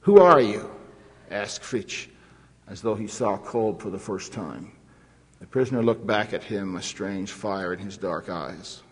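A man delivers a formal sermon in a measured, solemn manner, with old scriptural phrasing woven through his storytelling. His voice sits low and a little husky. The sound carries a long echo, as if from a large hall. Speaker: preacher.

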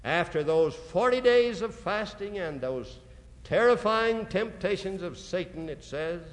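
A man preaching a sermon, slowly and dramatically, reading out scripture quotations. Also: high voice, animated. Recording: long hall reverb.

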